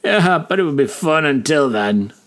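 A man's voice: fairly high pitch, lively intonation, moderate pace, fairly bright tone, pitched above the performer's own voice. Man playing drunken old sailor, slurring, crude braggart, storybook audio. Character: drunken old male sailor, boastful and bawdy.

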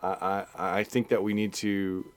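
A man with a very low voice chats on a podcast, circling his point through false starts and fillers. He talks loosely and casually with a co-host. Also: little pitch movement, no echo. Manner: halting, many restarts and fillers.

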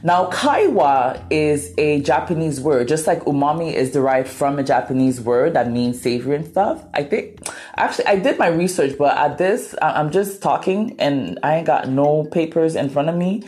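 Animated woman host, dramatic storyteller. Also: moderate pace, faint music behind. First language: Cree. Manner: animated, dramatic, acts out quotes in a high voice. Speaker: podcast host. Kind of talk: casual solo storytelling.

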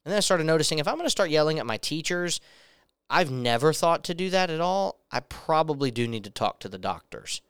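A man's voice: a little high, big pitch swings, brisk, fairly bright tone, smooth, no room sound, clean studio sound. A young man giving a personal testimony as a sermon, earnestly telling a story and acting out the dialogue in it. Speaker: preacher.

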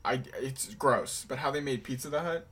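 Husky, bright-voiced man chatting. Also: medium pitch, animated. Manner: easygoing, quick to react and laugh along. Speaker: podcast co-host. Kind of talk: casual movie recap chat.

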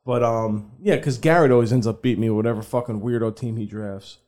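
A man's voice: medium pitch, fast, a little mellow. A man co-hosting a sports podcast, talking casually and loosely, swearing often and laughing. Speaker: podcast co-host.

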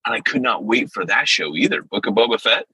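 A man hosting a podcast in casual chat, animated and full of quick impressions. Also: on the low side, husky, dry recording, rough recording. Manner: animated, jumps into impressions and loud exclamations. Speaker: podcast host.

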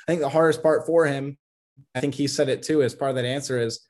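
A man's voice: mid-range voice, a little mellow. A man co-hosting a casual sports talk show, giving opinionated takes on college football recruiting and teasing his co-host.

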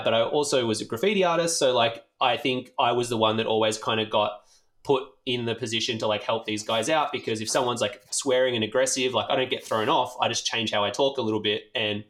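An Australian man telling a rambling, animated story in casual chat, swearing freely and leaning on fillers. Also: mid-range voice, fairly quick. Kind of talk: casual anecdote.

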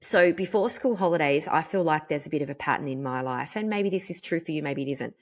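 A woman in her thirties, hosting a podcast and telling a personal story in a frank, animated way with casual swearing. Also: low voice, quick pace. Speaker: podcast host. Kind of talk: candid personal monologue.

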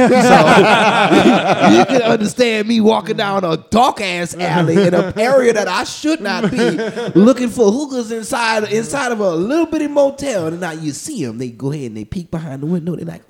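A man telling a crude comic story on a podcast, acting out the people in it with lots of slang. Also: on the high side. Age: adult, calls himself old now. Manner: animated storyteller, crude slang, acts out voices.

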